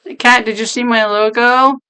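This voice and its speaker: A woman streamer chatting casually with her viewers, her voice deep and hoarse from being sick, laughing often. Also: steady tone, moderate pace, sharp tone. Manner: chatty, laughing, talks to chat by name. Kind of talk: casual chat reading stream chat.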